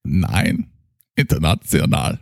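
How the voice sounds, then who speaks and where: A man's voice: a bass voice, sing-song, vocal fry, no room sound, studio quality, heavily acted. A man doing a tipsy German psychoanalyst. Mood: pompous tipsy. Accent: put-on German. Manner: slow, grandiose, slurring boasts. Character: tipsy pompous male German psychoanalyst, boastful. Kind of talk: improvised comedy character.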